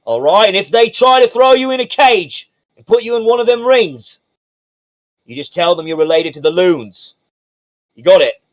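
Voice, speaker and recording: A man voicing a gruff, folksy father who gives his young daughter stern warnings before leaving her. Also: sits high, expressive, moderate pace, no echo, voice pushed up. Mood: gruff, fatherly.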